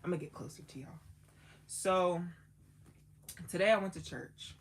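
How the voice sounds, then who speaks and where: A woman's voice: fairly low pitch, moderate pace. A woman hosting a live stream, casually and emotionally retelling a sermon in slang, often repeating herself. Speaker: livestream host.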